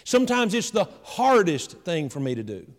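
A male pastor preaching a sermon with rising emphasis, slowing into drawn-out phrases, in a church sanctuary. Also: high voice, sing-song. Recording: long hall reverb.

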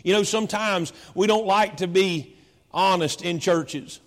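A man preaching a sermon as pastor, repeating phrases and slowing down for dramatic emphasis. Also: sits high, a bit bright, big-room sound. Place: church.

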